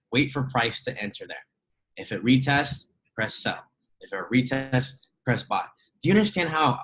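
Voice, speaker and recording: A man's voice: medium pitch, fairly bright tone, rough recording. Emphatic man, laughs between points. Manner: emphatic, laughs often, rhetorical questions. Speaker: trading educator. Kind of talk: casual motivational talk.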